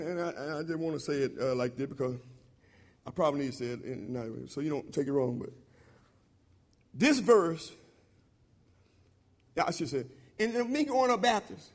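A man with a very high voice preaching a sermon. He hammers points home by repeating words and swings from loud shouted emphasis down to low murmured asides, all in a loose, conversational way. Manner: informal conversational preaching with repetition.

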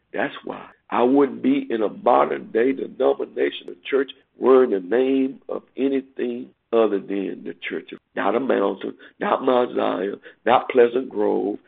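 Male preacher, emphatic sermon delivery, raspy and tinny. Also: lowish voice. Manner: preaching with rising, emphatic climbs and quoting scripture. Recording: tinny phone-like sound.

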